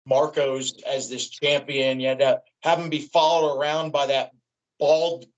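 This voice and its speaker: A man guest excitedly retelling what he saw live, his voice jumping high when he quotes himself. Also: a little slow, highs cut off. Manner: animated, voice jumps high when quoting himself. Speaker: wrestling fan guest. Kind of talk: excited recounting in casual chat.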